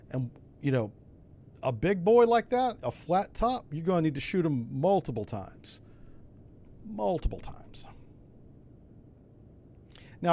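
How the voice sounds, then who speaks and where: A man's voice: a little high, darkish tone. A man giving casual commentary as he plays a submarine game, talking himself through each step in a folksy way with asides. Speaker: streamer playing a submarine game.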